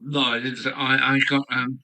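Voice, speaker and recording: A man's voice: mid-range voice, flat delivery, normal speed, sharp tone, rough recording. An older man from England, musing aloud to himself in a rambling live-stream chat from his home hobby room. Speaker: model railway streamer.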